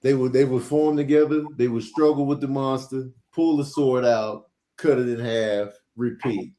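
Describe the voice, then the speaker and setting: A man's voice: mid-range voice, moderate pace. A man on a casual podcast panel, telling stories with energy and acting out what people said. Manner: animated storyteller, acts out what people said.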